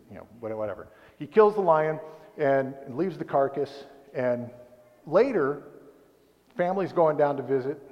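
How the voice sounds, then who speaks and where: Rambling male preacher in an echoey hall. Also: a little high. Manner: rambling, conversational, self-interrupting. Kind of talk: sermon. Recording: dull recording in a reverberant hall.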